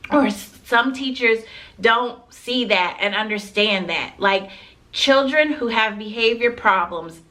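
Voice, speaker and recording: A woman's voice: on the high side, sharp tone. A woman teacher in her thirties giving earnest classroom advice, emphatic and repeating phrases for stress. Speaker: teacher vlogger.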